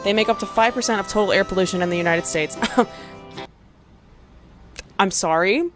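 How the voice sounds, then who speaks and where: A woman's voice: medium pitch, rapid-fire, music in the background. A young woman ranting to camera in a sarcastic, profane, exasperated commentary vlog, breaking into laughs. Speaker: video essayist.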